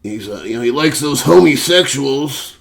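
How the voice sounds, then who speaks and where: A man voicing a big, disapproving rural Tennessee man who lectures in a slow, scornful drawl. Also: mid-range voice, animated, gravelly, voice pushed up. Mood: lecturing.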